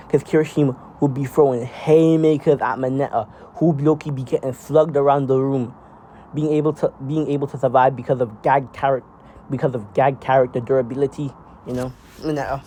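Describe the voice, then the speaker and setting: A man casually improvising a fan-fiction story out loud, rambling with lots of fillers and restarts. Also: mid-range voice, a little hiss or hum, rough recording.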